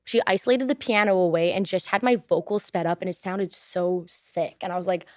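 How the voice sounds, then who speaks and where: A woman's voice: lowish voice, brisk, a little mellow, no room sound. Chatty young American woman, dry sound. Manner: chatty, laughs often, repeats thank you. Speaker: singer and songwriter guest. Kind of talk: casual interview chat. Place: podcast studio.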